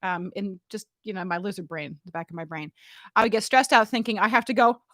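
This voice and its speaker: A woman voice teacher giving a casual, playful vocal warm-up demonstration in a room at home, talking into a studio mic. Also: mid-range voice, brisk, no room sound. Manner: chatty, playful and relaxed, often asks "right?". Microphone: studio mic, monitored on headphones.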